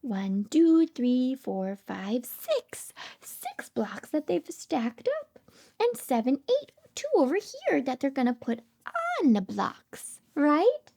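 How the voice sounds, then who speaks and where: A woman with a very high, bright-sounding voice reads a picture book to toddlers, drawing her words out slowly. She swoops up and down in an animated, sing-song way, gasping with delight and dropping into hushed asides as a speech therapist would for small children. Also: gravelly, husky.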